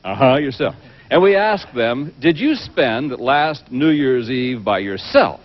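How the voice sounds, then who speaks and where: A man hosting a game show, bantering and teasing the contestants in a brisk way. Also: mid-range voice, animated. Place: TV studio with live audience. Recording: dull old TV tape, studio audience. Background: studio audience.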